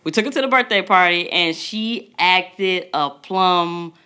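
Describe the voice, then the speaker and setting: Bright-voiced woman podcast co-host, animated. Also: fairly low pitch, a little slow, clean tone. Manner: animated storytelling, acts out quotes. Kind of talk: casual chat.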